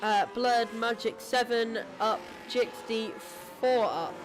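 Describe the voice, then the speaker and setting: An esports racing commentator calling a live race in a chatty, self-deprecating way, quick to apologise, and losing their voice. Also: mid-range voice, background noise.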